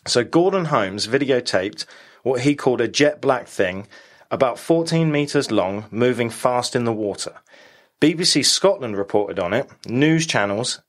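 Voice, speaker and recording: A man's voice: medium pitch, a bit bright. A man co-hosting a podcast in casual chat, laughing often and poking fun at himself as he walks through old evidence. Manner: chatty, laughs often, self-deprecating. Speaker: podcast co-host.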